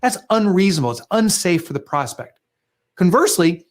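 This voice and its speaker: A middle-aged man with a somewhat high voice talks business with energy and emphasis. He is an author guesting on a show, and he acts out sales pitches in quick, lively asides. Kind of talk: animated business talk.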